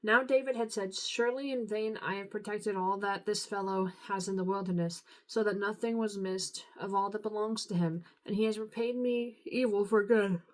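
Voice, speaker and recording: A tired woman reading scripture aloud, unhurried, now and then stumbling and apologizing. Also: mid-range voice, steady tone, darkish tone, poor audio. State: tired, yawning. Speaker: Bible reader.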